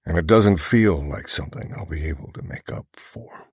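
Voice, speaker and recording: A man narrating a first-person romance novel in an intense, gruff, steady way. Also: sits low, moderate pace, no room sound, studio quality. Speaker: audiobook narrator.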